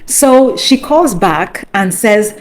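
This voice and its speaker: A middle-aged woman telling a personal faith story with excitement, acting out what people said and breaking into praise. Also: medium pitch, slow. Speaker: guest sharing a testimony. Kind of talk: animated personal testimony.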